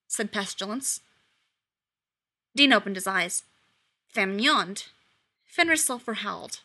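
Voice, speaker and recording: A woman reading a story aloud in a lively, expressive way. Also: medium pitch, a little slow, long pauses. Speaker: reader.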